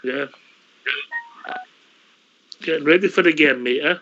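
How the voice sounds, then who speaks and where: A Scottish man hosts a casual online call-in chat, his voice sitting a touch high. He talks in a loose, chatty way, dropping words like aye and wee. The audio is slightly dull, like an online call. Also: unhurried, fairly bright tone. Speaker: call-in show host.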